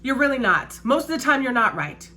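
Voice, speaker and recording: A woman with a high voice that swings widely in pitch speaks briskly and sharply. She works as a restaurant server and chats casually but emphatically while doing her makeup, repeating her key phrases.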